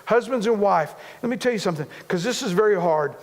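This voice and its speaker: A man's voice: high-pitched, lively intonation, fast talker, in a large hall. A man preaching a sermon as a pastor, talking conversationally, repeating himself and poking fun at himself. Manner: conversational, repetitive, self-deprecating humor.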